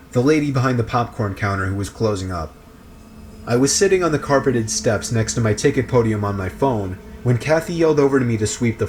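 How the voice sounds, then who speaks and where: A man giving a scripted, steady narration of a creepy story. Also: mid-range voice, a little hiss or hum.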